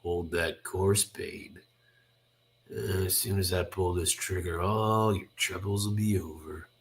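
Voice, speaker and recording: A man's voice: low-pitched, fairly even intonation, slow, gravelly, slight background noise, heavily acted. A man voicing a cold male mercenary sniper in a comic read-through, with a folksy, drawling menace. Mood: menacing.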